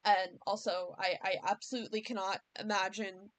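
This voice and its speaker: A woman's voice: mid-range voice, flat delivery, normal speed. An American woman chatting casually on a livestream, thinking aloud and circling back to rephrase as she explains. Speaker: streamer and series creator.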